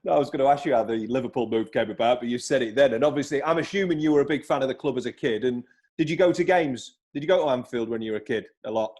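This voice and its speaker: A man's voice: mid-range voice, racing, a little mellow. A man hosting an interview, asking eager questions about the guest's early years. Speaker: podcast host.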